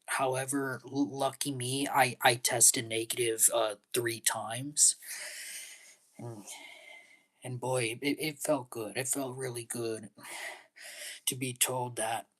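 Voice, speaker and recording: Slow, stammering young man vlogging. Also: medium pitch, steady tone, a bit bright. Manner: halting, stammers and repeats words often; earnest and pleading, drops to breathy half-whispers. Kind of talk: casual live vlog monologue.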